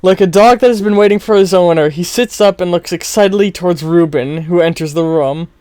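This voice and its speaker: A man's voice: sits high, fairly quick, a little mellow, clear, resonant tone, no echo. Brief: man game master narrating, trips over words and mocks himself, resonant tone, dry close sound. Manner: stumbling, self-mocking, chuckling. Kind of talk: narrating a role-play story.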